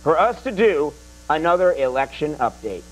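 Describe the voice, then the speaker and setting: A man's voice: fairly high pitch, very animated, normal speed, soft background music, low-quality recording. A man hosting a late-night talk show, bantering and getting flustered while trying to keep a comedy sketch on track. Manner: flustered, repeatedly trying to regain control. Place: TV studio.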